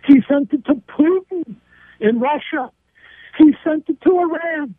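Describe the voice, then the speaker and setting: A man's voice: very high-pitched, unhurried, no echo. A man giving indignant, emphatic commentary in an interview, hammering his points through repetition. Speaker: guest commentator. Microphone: telephone line. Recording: tinny dry phone line.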